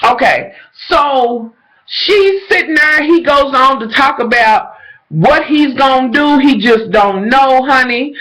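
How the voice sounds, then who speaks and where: A man recapping a TV episode in casual, animated, profane chat, calling his viewers y'all. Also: very high voice, takes it slowly, rough recording.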